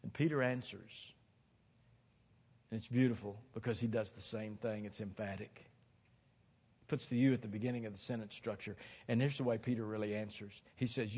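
A man preaching a sermon from a platform, swinging dramatically from hushed tones to shouting and hammering points home with emphatic repetition. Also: lowish voice, fairly even intonation, normal speed, slightly rough. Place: large hall, speaking from a platform. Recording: long hall reverb.

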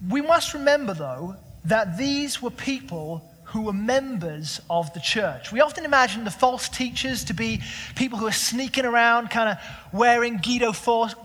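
A young male pastor delivers a sermon in a conversational way, asking his listeners question after question. His voice sits high and a little husky. A long reverb trails behind him in the hall. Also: animated, moderate pace, a bit bright.

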